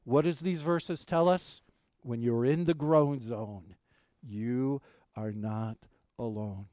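A man preaching a sermon as pastor, swinging from loud emphasis to hushed asides and repeating key phrases. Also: fairly high pitch, normal speed, clear, resonant tone, no room sound, clean studio sound.

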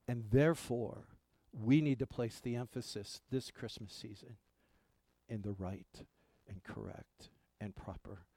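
A man preaching a sermon, swelling up for emphasis and falling to quiet line endings. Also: medium pitch, no room sound. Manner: emphatic preaching, dropping to soft endings and rising for stress. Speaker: pastor.

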